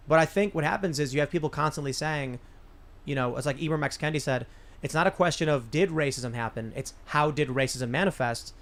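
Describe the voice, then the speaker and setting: A man's voice: fairly high pitch, brisk, fairly bright tone. A man hosting a casual panel discussion in a podcast studio. He tells long, rambling anecdotes and often restarts his sentences. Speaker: show host.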